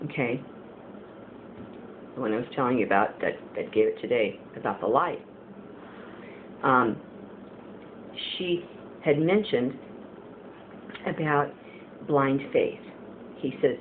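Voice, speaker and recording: A woman's voice: extremely low pitch, slow pace, pauses often. A woman giving a casual spiritual testimony, rambling and earnest with many fillers, as a Christian video blogger. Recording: tinny phone-like audio with faint hiss.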